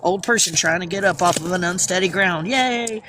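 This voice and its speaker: A woman's voice: lowish voice, brisk, background noise. A woman chatting on a casual livestream outdoors by a creek, talking into a handheld phone in a playful, childlike way. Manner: playful, giggly, childlike banter. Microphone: phone held in hand.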